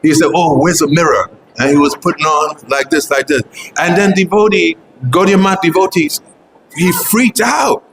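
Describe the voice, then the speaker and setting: Man, devotional talk, earnest, repetitive, fervent, slightly high voice, roomy echo. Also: moderate pace, a bit bright, a little hiss or hum. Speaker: devotional speaker.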